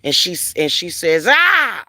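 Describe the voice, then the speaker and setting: A woman's voice: very deep voice, lively intonation, slow pace, no echo. A woman vlogger ranting casually at home, blunt and profane, repeating phrases for emphasis. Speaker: spiritual reader and vlogger.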